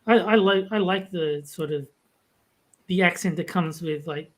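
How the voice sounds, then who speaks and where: A speaker from Australia chatting casually in an online group chat, relaxed and explaining. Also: medium pitch, unhurried.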